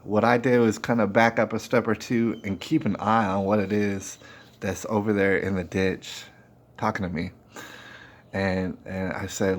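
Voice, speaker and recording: A man's voice: on the low side, steady tone, moderate pace. A man, the host, telling a personal story in a casual, slangy way and acting out the dialogue. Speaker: podcast host.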